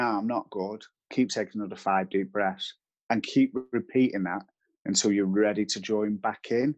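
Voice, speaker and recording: A man, a fitness trainer giving practical advice step by step in a casual chat. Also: on the low side. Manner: explains step by step with practical rules.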